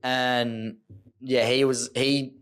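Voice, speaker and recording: A man's voice: mid-range voice, level tone, very slow, a bit bright, clear, resonant tone. A man, an ultra runner who tells his story loosely and rambles on a podcast. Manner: loose, rambling, full of "like" fillers. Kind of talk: casual podcast conversation.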